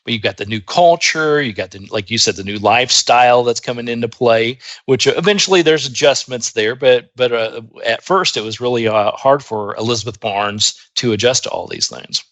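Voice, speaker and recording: An American man hosts a podcast interview, wandering through his questions with plenty of pauses and fillers. His voice has a bright, forward tone. The recording is dry and close. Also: medium pitch, no echo. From United States. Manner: rambling, hesitant, many fillers. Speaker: podcast host.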